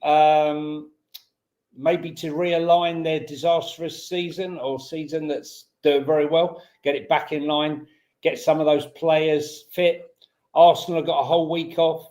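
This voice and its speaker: A man co-hosts a casual football chat in a laid-back, easygoing way. His voice sits a bit high, and the recording carries a noticeable roomy echo. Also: flat delivery, a little slow, a little mellow. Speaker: podcast co-host. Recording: roomy echoey sound.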